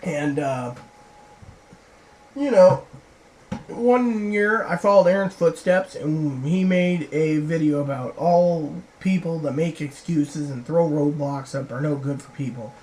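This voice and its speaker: A woman's voice: deep voice, slow pace, darkish tone, a little hiss or hum, poor audio. A woman vlogger rambling through personal stories, acting out what other people said. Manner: rambling, acts out quoted people. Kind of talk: rambling personal storytelling to camera.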